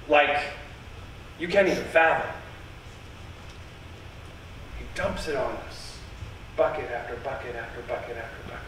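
A man's voice: high voice, a bit bright, slight background noise. A male pastor preaching a sermon in an earnest, emphatic way, often repeating phrases for stress. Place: church sanctuary. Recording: echoey church heard from a distance.

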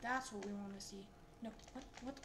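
A young woman reacting excitedly and repeating herself as she plays a game and talks through it. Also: medium pitch, brisk. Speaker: gameplay video host.

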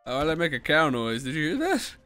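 A young man gaming with friends in casual chat, excitable and yelping loudly when in danger. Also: fairly high pitch, fairly quick, smooth, soft background music. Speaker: gaming YouTuber.

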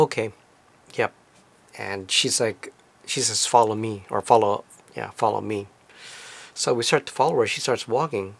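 Man, casual storytelling, gravelly voice, slow delivery. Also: medium pitch. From lives in Tokyo. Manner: relaxed, conversational retelling with fillers. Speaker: vlogger.

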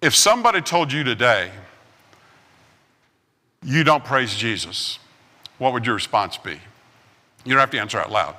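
A man preaching a sermon as pastor, telling stories with acted-out quotes and lively swings in delivery. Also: mid-range voice, fast talker, big-room sound. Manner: animated storytelling with acted-out quotes. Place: church sanctuary.

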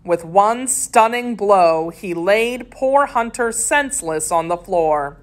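Woman slowly reading a children's adventure. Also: medium pitch. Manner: steady, expressive storytelling. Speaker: narrator. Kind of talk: reading a children's story aloud.

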